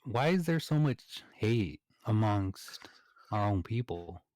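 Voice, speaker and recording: A man's voice: on the low side, very animated, slow, a little mellow, no echo. A man co-hosting a casual podcast, hesitating and searching for words with "like". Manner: thoughtful, hesitant, fills in with "like". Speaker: podcast co-host. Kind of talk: casual chat.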